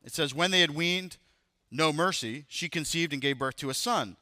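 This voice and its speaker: A man's voice: on the high side, moderate pace, bright, forceful tone, no room sound, studio quality. A man in his thirties preaching a sermon as pastor, talking to the congregation in a loose, joking way. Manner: conversational, jokes with the congregation.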